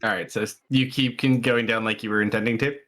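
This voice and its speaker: A man's voice: medium pitch, steady tone, fast, fairly bright tone. A young man as game master, narrating a tabletop game in a loose, hesitant way with many fillers.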